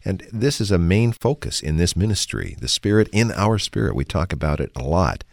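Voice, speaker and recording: This is a man with a deep, gravelly voice who hosts a Bible discussion on the radio. His intonation is lively, and he puts his questions to his co-host in a measured way. The sound is dry and close. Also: dry recording.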